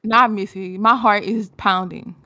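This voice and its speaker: A woman's voice: mid-range voice, steady tone, a little slow, bright, forceful tone, dry recording. A woman, reacting with jokes and teasing asides in a casual chat.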